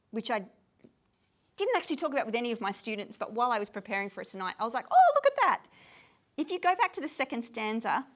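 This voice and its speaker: A tired woman leading a poetry discussion, asking her audience lots of questions in an informal lecture to a room of people. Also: on the high side. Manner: animated, asks the audience many questions.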